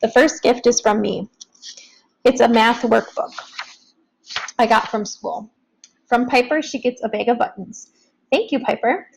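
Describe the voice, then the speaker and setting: A woman reading a novel aloud in first person, in plain, steady storytelling. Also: on the high side, measured pace, creaky, pauses often, breathy edge, poor audio. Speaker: audiobook narrator.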